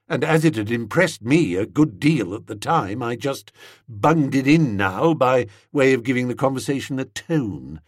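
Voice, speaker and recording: A man narrating a comic first-person audiobook in a wordy, mock-pompous, playful manner, with a husky voice. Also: mid-range voice, no echo, clean studio sound.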